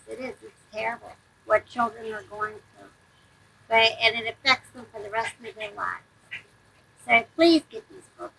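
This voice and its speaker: A woman's voice: a little high, creaky, pushed and bright, a little hiss or hum, rough recording. A woman, a book publisher, earnestly urging her audience to read the books. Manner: earnest, pleading appeals. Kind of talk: promotional talk addressed to an audience.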